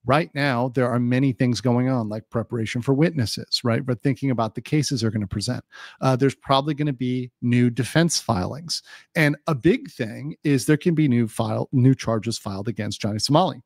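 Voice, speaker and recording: A man's voice: medium pitch, moderate pace, gravelly, a little mellow, no room sound, studio quality. A man doing casual live-stream legal commentary, chatty with lots of fillers, reading viewer chat aloud and a little hiccupy. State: has the hiccups.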